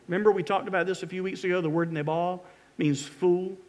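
A man's voice: high voice, steady tone, a little fast, darkish tone. A middle-aged man preaching a sermon as pastor, reading scripture with dramatic emphatic pleas.

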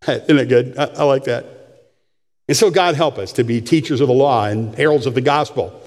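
A man's voice: mid-range voice, fairly quick, darkish tone. An older man, a pastor, preaching a sermon with folksy, humorous storytelling in a church sanctuary. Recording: long church hall reverb.

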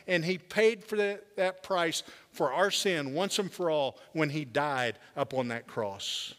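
A male pastor preaching a sermon with earnest conviction, slowing down and dropping low on key words. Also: a bit bright. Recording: long hall reverb.

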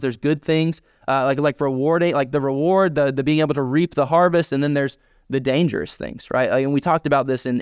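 A man's voice: mid-range voice, smooth, dry recording, clean studio sound. A man who preaches a sermon as a pastor in a chatty way and keeps asking "right?". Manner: conversational, often asking "right?".

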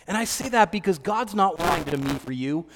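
Man, pastor, high voice, conversational sermon, long hall reverb. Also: fairly quick, background noise. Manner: relaxed, storytelling, with fillers and restarts.

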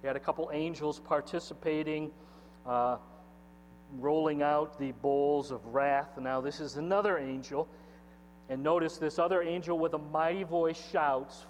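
A man preaching a sermon as pastor, opening with a prayer and building to loud, impassioned peaks. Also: fairly high pitch, steady tone, moderate pace. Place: church sanctuary. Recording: faint mains hum, long church reverb.

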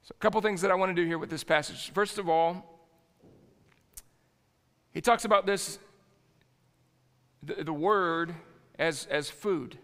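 A man's voice: high-pitched, unhurried, long pauses, fairly bright tone, clear, resonant tone. Man, pastor, casual joking sermon, keeps restarting phrases, long church-hall reverb. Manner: folksy and jokey, with frequent restarts. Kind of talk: conversational sermon. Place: church sanctuary.

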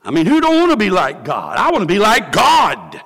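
A man's voice: sits high, wildly swooping pitch, normal speed, bright, forceful tone, husky, long reverb tail. A man preaching a sermon, dramatic and emphatic, repeating lines for effect.

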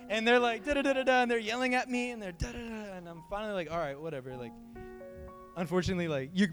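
A young man with a high voice preaching in a loose, chatty style, often tossing in "like" and "right". Soft music plays faintly behind him. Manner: conversational, animated, says "like" and "right" often. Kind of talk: informal sermon.

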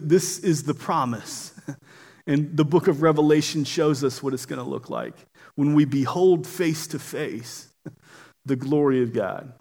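High-voiced earnest male preacher. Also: darkish tone. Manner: earnest, often stumbles and repeats words at phrase starts. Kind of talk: sermon.

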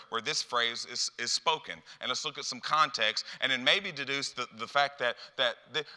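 A man preaching a sermon to a youth gathering, animated and rhetorical, often repeating words as he builds up steam. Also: mid-range voice, long reverb tail.

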